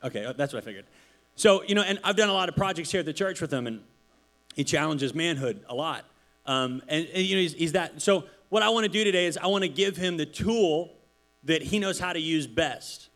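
A man, a pastor, giving a casual sermon in church, chatty and animated, telling stories with many asides. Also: fairly high pitch, brisk.

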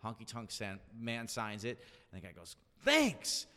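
A man's voice: lowish voice, normal speed, big-room sound. A man telling a long anecdote in casual chat, acting out the quotes of the people in it. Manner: animated storyteller, acts out quotes.

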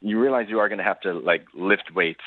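A man's voice: lowish voice, a little fast. A man, a personal trainer, talking on the phone in an exasperated, increasingly angry manner. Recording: muffled phone line.

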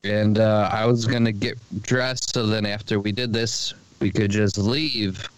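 A man's voice: fairly low pitch, steady tone, a little slow, poor audio. A man chatting on a casual podcast, joking and self-mocking in a laid-back way. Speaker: podcast co-host. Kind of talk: casual chat.

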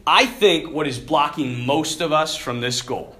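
A man preaching a conversational Catholic sermon, telling a story and often clearing his throat. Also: a little high, a little slow, pushed and bright.

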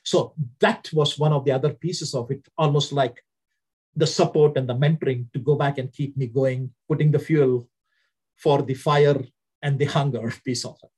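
A man's voice: medium pitch, fairly even intonation, normal speed, a little mellow, breathy edge. A man from India with an Indian accent, telling his story earnestly as an interview guest.

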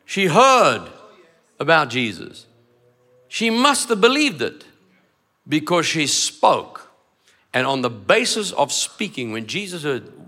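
A man's voice: a little high, sing-song, a little slow, pushed and bright. A man preaching a sermon, emphatic, repeating phrases and acting out dialogue. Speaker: pastor.

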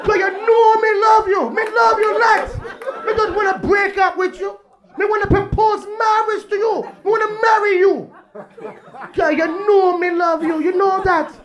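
A man's voice: very high voice, steady tone, moderate pace, fairly bright tone, a faint crowd, pitched above the performer's own voice. A man voicing a lovestruck male boyfriend with a Jamaican accent, begging not to break up. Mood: pleading. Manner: pleading, insistent.

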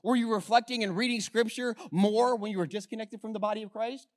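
High-voiced pastor preaching emphatically. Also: male voice, fairly even intonation, a little fast. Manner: conversational, rhetorical questions to the congregation; emphatic, swings between hushed and loud. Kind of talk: sermon.

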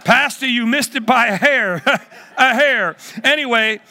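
Older guy preaching to kids at church, high bright voice, jokey game-show vibe. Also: a little slow. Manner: lively, teasing, game-show banter with the audience. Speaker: guest preacher. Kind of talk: playful children's church talk. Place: church hall.

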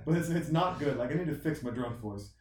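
A man's voice: fairly high pitch, expressive, fairly quick, a little mellow. A man in his forties, chatting casually in a rambling, joking, self-mocking way. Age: 40s. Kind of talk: casual chat. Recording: echoey room, mic at a distance.

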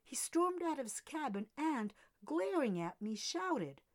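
Female reader, slightly high voice, dramatic audiobook narration. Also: unhurried, hardly any pauses. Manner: dramatic, expressive first-person reading. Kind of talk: scripted narration of a novel.

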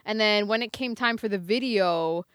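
A woman's voice: mid-range voice, a bit bright, clear, resonant tone, dry recording, clean studio sound. A woman from New York, a singer on a podcast, talking in a chatty way full of "like". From New York, United States. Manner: chatty, lots of "like", quick to laugh off jokes. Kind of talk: casual interview chat.

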